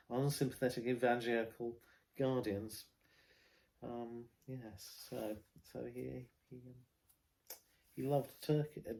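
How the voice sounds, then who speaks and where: Gravelly home-counties Englishman rambling about poems. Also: mid-range voice, dark tone. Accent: Southern English, home counties. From England. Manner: rambling, many ums and restarts. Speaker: vlog host reading war poetry. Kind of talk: casual spoken vlog with poetry readings.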